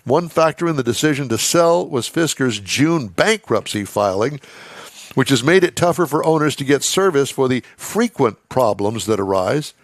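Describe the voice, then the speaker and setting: A man's voice: medium pitch, lively intonation, normal speed, no echo. A man hosting a radio car show in casual on-air chat. He reads news items aloud and adds wry asides. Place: radio studio.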